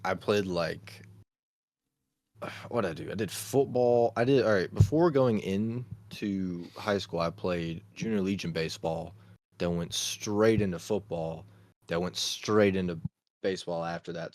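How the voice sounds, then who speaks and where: A young man co-hosting a podcast, laid-back and quick to laugh, trailing off as he talks. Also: low-pitched, darkish tone, no room sound. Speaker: podcast co-host. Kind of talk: casual chat.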